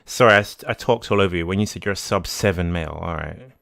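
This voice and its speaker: A man hosting a live-streamed podcast, reading out viewer messages and talking through them off the cuff. His voice sits low and sounds smooth and clean. It is recorded close and dry, and he often trails off, restarts and corrects himself. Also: fast talker, a bit bright, dry recording. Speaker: livestream podcast host.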